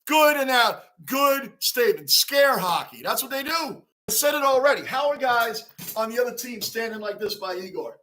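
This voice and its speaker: A bright, high-voiced man hosts a casual fan livestream. He talks straight to his chat, gets worked up and emotional about his team, and keeps a chummy tone with the regulars. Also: animated, normal speed, a little hiss or hum. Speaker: livestream host.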